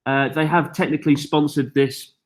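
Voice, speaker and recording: A man's voice: a little high, little pitch movement, moderate pace. Chatty British man hosting a live Q&A. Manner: chatty, self-mocking, reads viewer questions aloud. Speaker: YouTube host answering viewer questions. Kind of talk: casual live-stream chat. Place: log cabin on a mountain.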